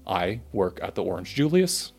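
A man speaking in character at a tabletop game, earnest and diplomatic, as if he were working out a deal. His voice is on the low side, and faint music plays behind him. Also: sing-song, normal speed, slightly rough. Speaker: player. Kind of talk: in-character tabletop role-play.

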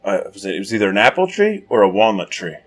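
A man telling a story in a casual, profane, rambling chat, growing loud and animated at the dramatic moments. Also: fairly low pitch, fast.

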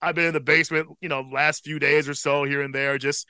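A man in his thirties co-hosting a casual podcast chat, relaxed and profane, with a slight tickle in his throat. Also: on the high side, a little fast, smooth, no echo. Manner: laid-back, profane, chuckles often. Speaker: podcast co-host.

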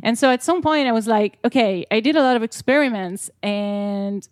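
A woman's voice: on the high side, normal speed, no room sound. Woman guest, late twenties, chatty, giggly, dry close sound. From Italy. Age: 20s. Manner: chatty, giggly, hesitant with many fillers. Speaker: guest, singer-songwriter. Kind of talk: casual chat.

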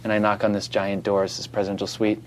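A man from New Jersey telling a story in casual chat, animated and laughing, acting out the other people's voices. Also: on the low side, quick pace, a little hiss or hum.

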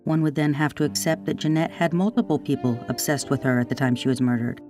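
Measured true-crime narrator over faint guitar. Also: medium pitch, steady tone, a little mellow. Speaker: podcast host. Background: faint guitar music.

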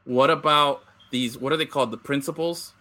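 A man hosting a casual chat, excitable and profane, laughing often. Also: medium pitch. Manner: excitable, swears, laughs a lot, does quick impressions. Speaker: podcast host.

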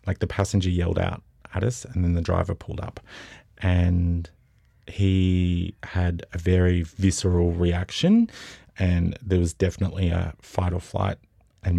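Low gravelly-voiced Australian man. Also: a little slow, no room sound, studio quality. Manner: animated anecdotes, acts out quotes. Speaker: festival co-director, guest. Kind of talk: casual interview storytelling.

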